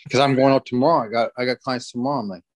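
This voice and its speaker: A man's voice: mid-range voice, fairly even intonation, very fast. A man in his forties from Canada with a Canadian accent, a podcast guest talking in a laid-back, joking, rambling way. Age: 40s. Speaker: podcast guest, fishing guide. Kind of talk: casual chat.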